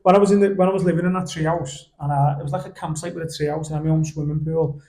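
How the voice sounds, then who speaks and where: A young man on a podcast, telling stories in a lively, animated way and laughing along as he goes. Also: fairly high pitch, quick pace, echoey room. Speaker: podcast guest. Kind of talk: casual storytelling chat. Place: indoor podcast studio.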